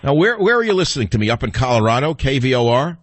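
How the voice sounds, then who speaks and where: A man's voice: mid-range voice, sing-song, fast, dry recording. A man hosting a call-in talk radio show, ranting in a combative, scornful way between calls.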